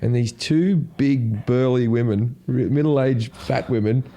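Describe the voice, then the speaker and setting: A man's voice: medium pitch, measured pace. A man who is a comedian and podcast host, telling anecdotes in casual chat and acting out the voices of the people in them. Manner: animated, acts out voices in anecdotes.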